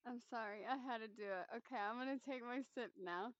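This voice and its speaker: A woman's voice: a little high, fast, clear, resonant tone, no echo, dull audio. A woman streamer chatting casually while coding, laughing often and swearing now and then.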